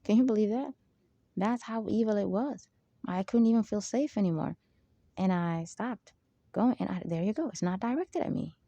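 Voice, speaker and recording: A woman's voice: medium pitch, animated, normal speed, mellow, no echo, dull audio. A woman hosting her own channel, talking in an emphatic, rambling spiritual monologue full of asides. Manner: emphatic, digressive, frequent "there you go". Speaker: channel host.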